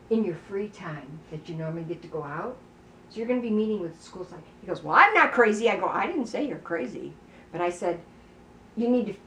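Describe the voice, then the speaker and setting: A chatty older woman recounts a family story at home, slipping into each person's lines as she goes. She sits a little off the microphone in a roomy space, with a faint hiss behind her. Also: medium pitch. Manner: chatty storyteller, acts out dialogue, many "you know"s. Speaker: parent telling a family story. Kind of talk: casual conversation. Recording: roomy, distant, faint background noise.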